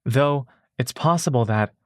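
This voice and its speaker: A man narrating a fantasy adventure story in the second person, in a measured, steady way. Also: medium pitch, dry recording, clean studio sound.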